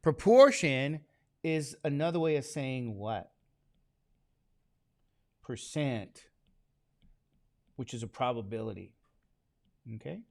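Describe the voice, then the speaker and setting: A man teaching a statistics class in a casual, conversational way. He keeps throwing questions at the room to draw the students in. His voice sits at an ordinary middle pitch, and the recording is close and dry. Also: animated, takes it slowly, gravelly, pauses often, a little mellow, no echo. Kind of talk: classroom lecture.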